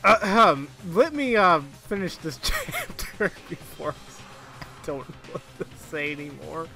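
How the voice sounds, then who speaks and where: A man doing casual let's play commentary, excitable and prone to shouting, then rambling with restarts as he reflects. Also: fairly high pitch, unhurried, creaky, soft background music. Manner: excitable, breaks into shouts and laughter. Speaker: let's player.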